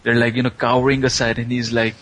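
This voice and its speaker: A man's voice: mid-range voice, flat delivery, fast, fairly bright tone, a little hiss or hum, rough recording. A man casually recapping an anime plot, rambling with plenty of fillers. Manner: rambling, filler-heavy storytelling.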